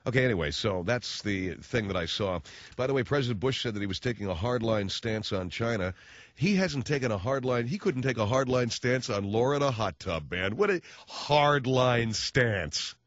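A man's voice: mid-range voice, animated, normal speed, dry recording, muffled recording. A man hosting a radio talk show, riffing in a wisecracking monologue and acting out little voices.

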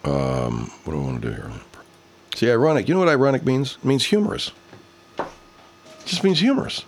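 A man casually commenting while watching football highlights, grumbling and cursing at the plays. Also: wildly swooping pitch, fast talker. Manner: profane, grumbling, reacts loudly to plays.

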